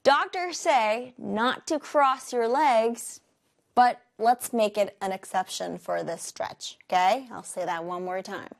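A Korean native-speaker woman giving a bilingual English lesson and workout instructions, lively and acting out dialogue lines. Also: on the high side, creaky. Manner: lively, switching quickly between explaining and acting out dialogue lines.

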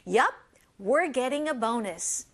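A woman teaching English, her voice high and her intonation swooping widely. She is upbeat and expressive, moving back and forth between English and as she explains phrases and models them. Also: measured pace, husky. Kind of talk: bilingual language lesson.

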